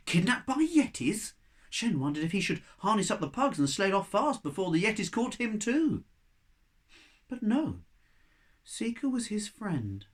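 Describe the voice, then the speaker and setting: A man reading a children's chapter book aloud, his pitch rising and falling with lively expression. His delivery is animated and expressive, the way a storyteller reads to young listeners. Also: moderate pace.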